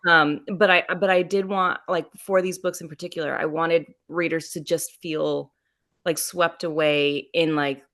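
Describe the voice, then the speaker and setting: A woman with a low voice talks as a guest author on a podcast. She speaks thoughtfully and loosely, filling pauses with small fillers as she explains what she wants for her readers. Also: fairly even intonation, a bit bright. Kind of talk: casual chat.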